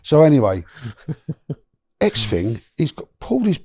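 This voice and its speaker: Gravelly man spinning a yarn. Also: mid-range voice, a little slow, no echo. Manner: animated storyteller, swears, slangy, many restarts. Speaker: podcast guest. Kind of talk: storytelling in a podcast interview.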